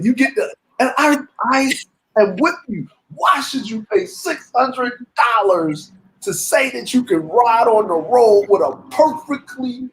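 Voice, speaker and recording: High-voiced, animated middle-aged man. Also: slow, rough recording. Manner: animated, teasing storyteller. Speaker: podcast co-host. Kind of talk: casual chat.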